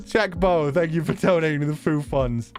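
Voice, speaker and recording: A man chatting casually on a livestream, jokey and quick to laugh as he reads out donations. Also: fairly high pitch. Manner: animated, laughs often, jokey. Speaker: streamer.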